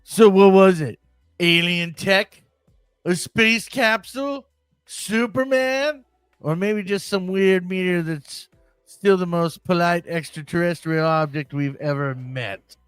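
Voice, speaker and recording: Brief: male podcast host, fairly high voice, dry close sound, loose crude banter. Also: steady tone, a little slow, a bit bright, clear, resonant tone, no room sound, faint music behind. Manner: rambling, crude, joking asides. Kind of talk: casual podcast chat.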